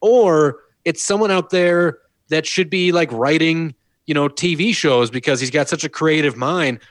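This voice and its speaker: A man's voice: a little high, measured pace, no echo. Man, podcast host, casual chat, amused, dry mic. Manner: laughing, amused storytelling.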